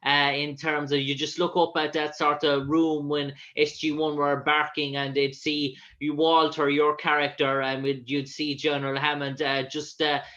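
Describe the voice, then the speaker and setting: A man hosting an interview, asking long, halting, rambling questions. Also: fairly high pitch, completely flat delivery, pushed and bright. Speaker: interview host. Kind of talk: casual interview. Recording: dull lo-fi audio.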